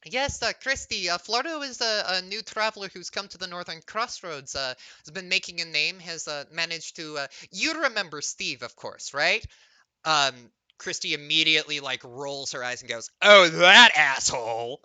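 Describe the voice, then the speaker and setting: A man's voice: on the high side, normal speed, bright, forceful tone, clean tone, dry recording. A man narrating as game master in a loose, filler-heavy way.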